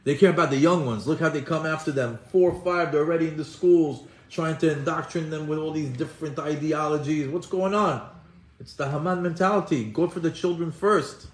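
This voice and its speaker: A man delivers a storytelling sermon as a rabbi, his fairly high voice leaping into quick, dramatic bursts whenever he acts out a quotation. He moves back and forth between Hebrew quotations and English explanations. The sound is roomy, with a noticeable echo around him. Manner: animated, acts out quotes with rising pitch and fast bursts. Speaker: rabbi giving a Torah class. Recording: echoey room.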